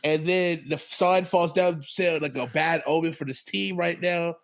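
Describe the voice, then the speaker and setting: A man's voice: a little high, steady tone, a little slow, gravelly. A man co-hosting a podcast, talking loosely and casually through a show recap, sounding tired. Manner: loose, chatty, laughs often. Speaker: podcast co-host. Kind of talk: casual chat.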